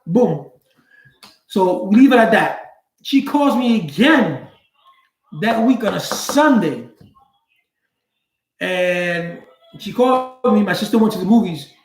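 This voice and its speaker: Animated high-voiced New storyteller. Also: male voice, slow pace, pauses often, roomy sound, slight background noise, low-quality recording. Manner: animated, acts out quoted dialogue with big pitch jumps; blunt street slang and profanity. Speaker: channel host. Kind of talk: casual storytelling.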